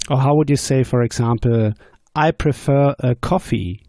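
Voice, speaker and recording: A man teaching German grammar on a podcast, slowly explaining and asking quiz questions. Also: mid-range voice, warm tone, no echo, studio quality. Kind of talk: podcast language lesson.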